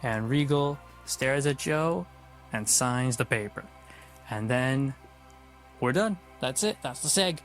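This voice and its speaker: A man casually recapping a wrestling show, blunt, opinionated and quick to swear. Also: medium pitch, lively intonation, a bit bright, faint music behind.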